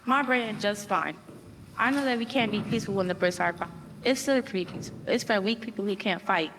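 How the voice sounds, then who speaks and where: An actress playing a defiant, headstrong young daughter. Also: female voice, mid-range voice, a little fast, background noise, natural voice. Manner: defiant, pleading. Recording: hall reverb.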